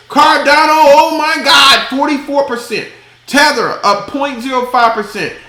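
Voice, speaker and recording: A man's voice: very high voice, pushed and bright, echoey room. A man hosting a crypto channel, talking casually, with emphatic, exasperated and folksy commentary and a bit of cussing.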